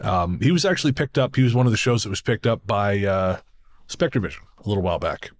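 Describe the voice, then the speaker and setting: A man's voice: on the low side, animated. Rambling self-mocking male podcast host. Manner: rambling, self-deprecating, quick to laugh. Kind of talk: casual podcast chat.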